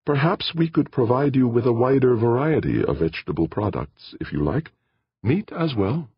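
A man voicing a calm, courteous male alien host who speaks in a polite, measured way. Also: mid-range voice, slightly rough, dry recording, dull audio, voice pushed up.

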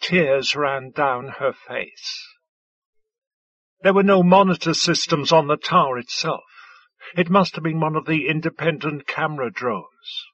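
A man reading fiction aloud as an audiobook narrator, in a measured, scripted way. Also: a little high, fairly bright tone, no room sound, lo-fi sound.

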